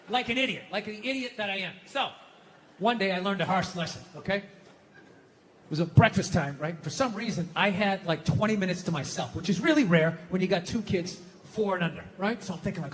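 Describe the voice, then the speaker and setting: Male stand-up from the US, high-pitched, exasperated profane ranter. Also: expressive, a little fast, a bit bright, a little hiss or hum. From United States. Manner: profane, exasperated, self-mocking ranting. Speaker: stand-up comedian. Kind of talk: stand-up comedy routine.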